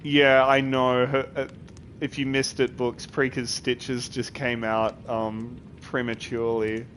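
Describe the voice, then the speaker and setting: Male streamer, loose rambling chat with viewers, giggles a lot, mid-pitched, faint noise under him. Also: level tone, slow, fairly bright tone. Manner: rambling, laughs often, lots of fillers. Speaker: live streamer. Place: at his computer.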